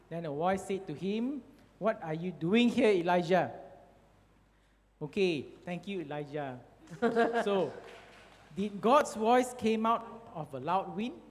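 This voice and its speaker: A man telling a Bible story to children in a slow, expressive way, often asking them questions. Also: high voice, in a large hall. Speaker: Sunday school storyteller.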